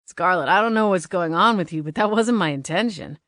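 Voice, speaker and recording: A woman narrating an audiobook, voicing a kind adult boyfriend who speaks calmly with concern. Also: lowish voice, a little fast, no room sound, studio quality.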